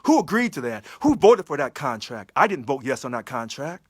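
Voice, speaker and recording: A man's voice: medium pitch, big pitch swings, a little fast, no room sound, clean studio sound. A man giving an impassioned livestream address as a union election candidate, emphatic, full of repeated rhetorical questions. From California.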